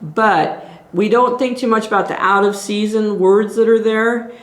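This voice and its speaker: A woman with a medium-pitched, steady voice leads a group Bible study at an unhurried pace in an echoey church meeting room. She teaches earnestly and exhortingly, thinking aloud as she goes.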